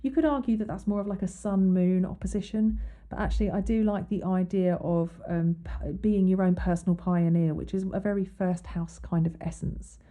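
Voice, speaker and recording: A woman with a lowish, dark voice talks at normal speed in a steady tone, barely pausing. She's hosting an astrology podcast, casually explaining with lots of ums and restarts and reading quotes out loud.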